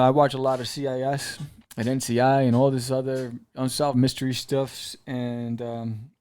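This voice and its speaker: A man hosting a podcast, casually retelling and reviewing a comic with lots of fillers and acted-out lines. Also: mid-range voice. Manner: animated storyteller, acts out character lines, many fillers.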